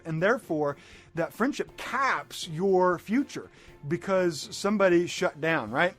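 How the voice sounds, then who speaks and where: A middle-aged man speaks as a life coach in a high, light voice. His motivational talk is animated, and he keeps breaking into excited acted-out moments. Faint music plays underneath. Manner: animated, acts out scenes in excited bursts.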